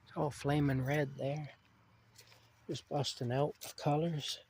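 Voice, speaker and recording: A man's voice: on the high side, level tone, measured pace, a little mellow, slight background noise. A man, chatting in a rambling, casual way outdoors in a rural yard at night and talking fondly to his cat. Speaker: vlogger.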